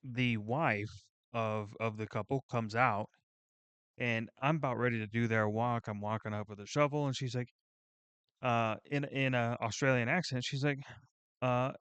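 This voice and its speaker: A man hosting a reaction video, chatting casually in a rambling, excitable way and swearing freely. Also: mid-range voice, moderate pace, clean tone, no echo.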